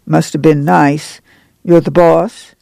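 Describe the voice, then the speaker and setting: Man reading as a tired, wary migrant mother, folksy rural talk, gravelly, dark tone, audiobook. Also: low-pitched, fairly even intonation, takes it slowly, no echo, heavily acted. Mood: guarded. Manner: folksy rural dialect speech. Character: weary, guarded migrant mother, older woman.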